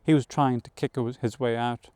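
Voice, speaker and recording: A man narrating a novel aloud as an audiobook reader, in a measured storytelling manner that includes occasional self-corrections. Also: medium pitch, steady tone, darkish tone, clear, resonant tone, no echo.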